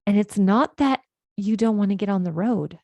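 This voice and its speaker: A woman's voice: mid-range voice, normal speed, darkish tone, no room sound. A woman life coach hosting a podcast, explaining ideas in an earnest, conversational monologue and often checking in with "right?".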